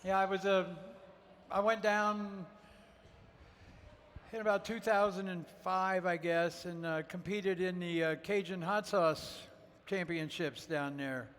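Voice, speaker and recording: A man's voice: sits high, fairly even intonation, slow pace, fairly bright tone, smooth, long reverb tail. A man from Ohio, a guest chef, telling rambling, folksy stories with lots of fillers during a live cooking demo on a festival stage.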